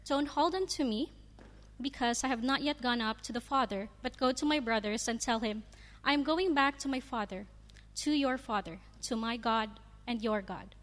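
A woman voicing Jesus as a calm, gentle grown man while reading a Bible passage aloud. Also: fairly high pitch, normal speed, close to an everyday voice. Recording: long hall reverb.

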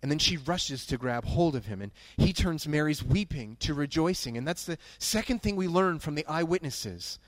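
A man's voice: a little high, lively intonation, moderate pace, few pauses, no echo. Earnest man preaching a sermon, dry sound. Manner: earnest, emphatic, repeats key phrases. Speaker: pastor.

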